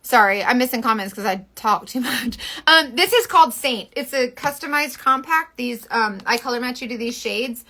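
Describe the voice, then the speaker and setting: A talkative woman from Florida vents to her viewers while doing her makeup live. Her voice sits a little high and sounds bright and clear. She rambles in casual asides. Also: moderate pace. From Florida, USA. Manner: chatty, venting, animated, swears. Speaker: makeup seller livestreaming. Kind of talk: casual livestream chat.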